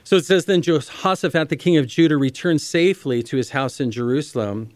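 A man's voice: a little high, fairly quick, darkish tone, dry recording. Male pastor, bible teaching sermon, reads passages then talks them through, speaks straight to the congregation, dry close sound. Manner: conversational, reads scripture and explains it, addresses listeners directly.

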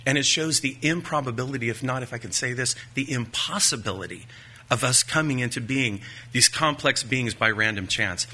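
A man preaching with a sharp, forceful tone and a slightly husky edge. He teaches in a measured, emphatic sermon style, often asking the congregation rhetorical questions and dropping in folksy asides. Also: medium pitch. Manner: folksy asides and light joking.

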